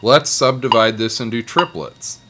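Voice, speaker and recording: A man teaching a casual guitar lesson, talking students through a scale in a relaxed, encouraging way and counting picking strokes aloud. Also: medium pitch, unhurried, heavy background noise. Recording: loud guitar playing underneath.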